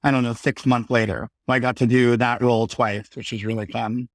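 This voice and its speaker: A man's voice: mid-range voice, a little fast, no echo. A man in his thirties talks as a guest on a podcast, recorded close and dry with no room sound. His voice sits in the middle range, and he tells stories with energy and acts out the voices of the people he quotes. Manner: animated storyteller, acts out quotes. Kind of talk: casual conversation.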